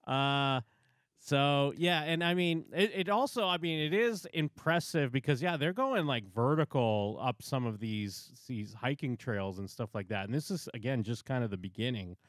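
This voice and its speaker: In a casual podcast chat, this male co-host recaps a reality show with animated storytelling, performing what the contestants say. He speaks at medium pitch and normal speed with hardly any pauses. The audio is clean studio sound with no room noise.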